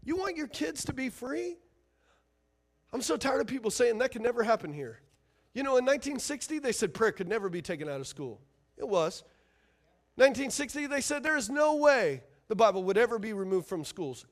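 A man's voice: very high voice, lively intonation, fairly quick. A man preaching a sermon as pastor, emphatic and fiery, firing rhetorical questions at his congregation.

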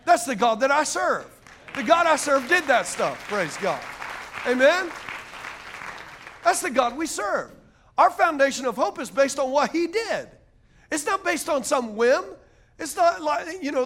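A middle-aged man preaching a sermon as pastor, energetic and fervent, often dropping to a hushed aside. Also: extremely high pitch.

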